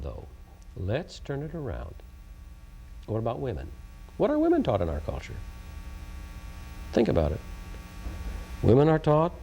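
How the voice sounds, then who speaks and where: In a taped educational lecture on communication, a man from Oklahoma, USA speaks emphatically, repeating his points and posing rhetorical questions. His voice is mid-range with a warm tone.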